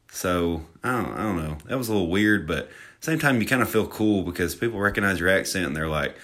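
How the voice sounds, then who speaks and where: A man's voice: low-pitched, lively intonation, fairly quick, a bit bright. A young man from Alabama with a Southern drawl, hosting a casual fitness podcast and joking at his own expense. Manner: joking, self-mocking, rambling with restarts. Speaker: podcast host.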